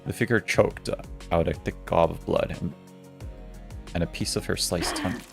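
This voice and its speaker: A man's voice: low-pitched, moderate pace, creaky, soft background music. A male streamer reading a game's story text aloud, often restarting words he stumbles on.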